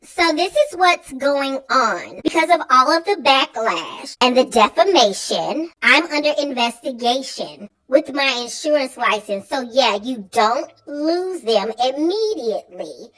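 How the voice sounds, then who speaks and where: A woman's voice: high-pitched, expressive, unhurried, few pauses, fairly bright tone, voice pushed up, exaggerated voice, poor audio. A woman voicing a tearful, defensive woman who snaps at others and sobs dramatically. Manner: snippy, then sobbing and whiny.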